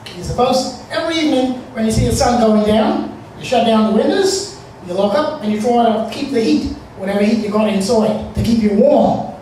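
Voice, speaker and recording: A man's voice: very high-pitched, moderate pace, few pauses, dark tone, slight background noise. A man in his forties from the Bahamas telling a personal story to an audience in a loose, rambling way with many fillers. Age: 40s. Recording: echoey room, distant mic.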